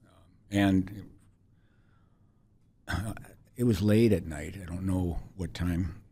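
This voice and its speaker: Deep husky man in his sixties. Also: fairly even intonation, warm tone, no echo. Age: 60s. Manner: halting, many restarts. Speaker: podcast guest. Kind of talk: reflective interview storytelling.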